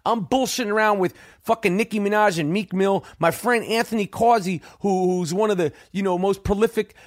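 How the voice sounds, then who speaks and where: A man hosting a podcast, telling a profane story in a loud, animated way and acting out other people's lines. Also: fairly quick, dry recording, studio quality. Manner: animated, profane, swings pitch acting out quotes. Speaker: podcast host.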